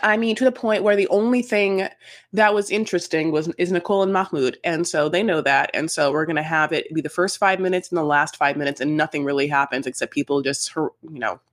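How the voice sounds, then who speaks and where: Woman, stuffy cold voice, podcast co-host, dramatic, joking, lowish voice. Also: fairly quick. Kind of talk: casual podcast chat.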